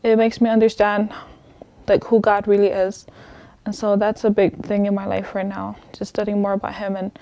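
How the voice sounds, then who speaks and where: Hesitant young woman, mellow voice. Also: medium pitch, monotone, moderate pace, gravelly, a little hiss or hum. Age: young adult. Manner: hesitant, many ums. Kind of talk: testimony interview.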